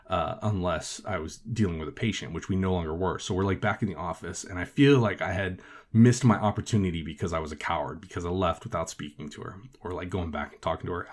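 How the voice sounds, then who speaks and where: Man, podcast host, low-ish voice, casual storytelling, swears a lot, says "like" constantly. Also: darkish tone. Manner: profane, filler-heavy with frequent "like".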